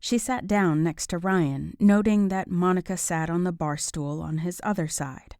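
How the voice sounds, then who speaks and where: A woman narrating a romance audiobook in a measured, even storytelling voice. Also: on the low side, clear, resonant tone, dry recording, studio quality.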